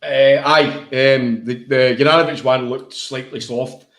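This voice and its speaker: A man's voice: mid-range voice, steady tone, a little slow, a bit bright. A man with a Glasgow accent co-hosting a football podcast, chatting bluntly and swearing like a mate at the pub. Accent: Scottish, Glasgow area. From Scotland. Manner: blunt, swears freely, matey. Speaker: podcast co-host. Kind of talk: casual football chat. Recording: echoey room.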